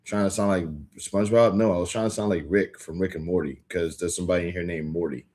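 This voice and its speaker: A man's voice: deep voice, quick pace. Rambling, slangy young man on a livestream. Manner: rambling, animated, slangy, lots of "like" and restarts. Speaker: livestream host. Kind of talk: casual live-stream chat with viewers.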